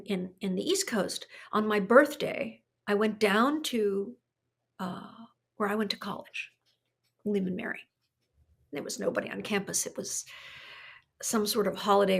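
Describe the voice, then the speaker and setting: An older woman, an artist appearing as a podcast guest, speaks in a mid-range, gravelly, husky voice. She tears up while telling her story in a reflective, conversational way, thoughtful and emotional, often restarting her sentences.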